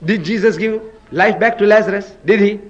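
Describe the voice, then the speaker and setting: A man's voice: high-pitched, brisk, muffled recording. A man giving an emphatic public debate lecture, firing rhetorical questions at the audience and dramatizing quotes. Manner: dramatic, acts out scripture quotes. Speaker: speaker in a religious debate.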